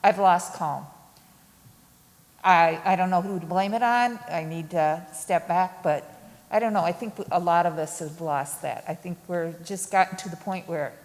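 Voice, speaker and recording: A woman in a discussion group speaks earnestly with a somewhat low voice. Her phrases are measured and confessional. The sound carries a long hall reverb. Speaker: book group participant.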